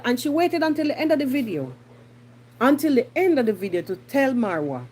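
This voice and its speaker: A woman's voice: medium pitch, animated, moderate pace, a little mellow, slight background noise. A woman from Jamaica with a Jamaican accent, hosting a podcast with indignant casual commentary and repeating herself for emphasis. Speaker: podcast host.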